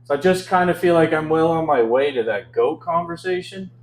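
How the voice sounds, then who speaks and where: In poor audio, a Canadian comedian in his twenties does a stand-up set at a club, speaking into a handheld mic. His slightly high voice is expressive and a little fast, and his self-deprecating stories come with a wry chuckle.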